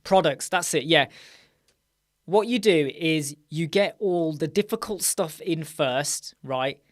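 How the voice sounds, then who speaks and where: A tired British man hosts a live Q&A stream, rambling, correcting himself, and often tacking on "right?" His voice is fairly high and his pace slow.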